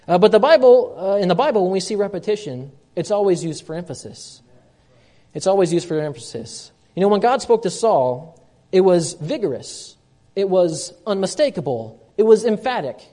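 A man preaching a sermon as pastor, stressing points by repeating them and swinging between loud and soft. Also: high voice. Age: young adult or middle-aged, a parent.

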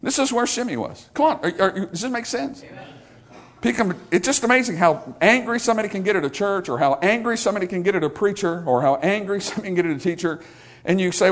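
Male pastor, high, animated voice, emphatic sermon with call-and-response. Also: fairly quick.

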